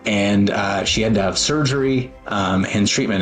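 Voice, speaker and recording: Guy in his 40s, lowish voice, earnest and a bit choked up, faint music behind. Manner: earnest, emotional, halting with fillers. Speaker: speaker telling his story. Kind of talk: personal talk with photos.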